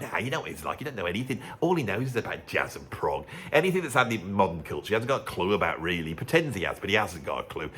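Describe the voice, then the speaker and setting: A man's voice: fairly low pitch, big pitch swings, fast talker, hardly any pauses, sharp tone. A middle-aged man with a Birmingham accent, talking straight to camera in a chatty, sarcastic vlog. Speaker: musician and YouTuber.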